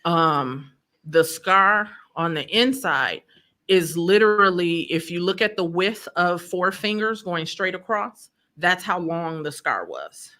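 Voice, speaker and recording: On the low side and slow, a woman's voice is pushed and bright, with lively intonation. She's a podcast guest telling her personal story with emotion and vivid detail, performing the quoted dialogue.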